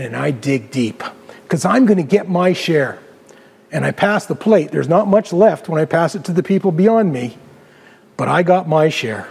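A male pastor with a notably high voice tells sermon stories with dramatic swings, sinking quiet and low to land a point. His words ring out with a long, hall-like reverb. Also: creaky, slightly rough. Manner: dramatic, varies pitch and loudness, drops low for emphasis. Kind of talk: storytelling sermon.

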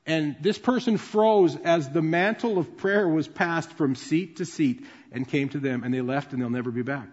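A man's voice: a little high, normal speed, hardly any pauses, darkish tone. A man preaching a sermon as pastor, explaining points in a conversational teaching manner. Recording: dull sound with long reverb in a large hall.

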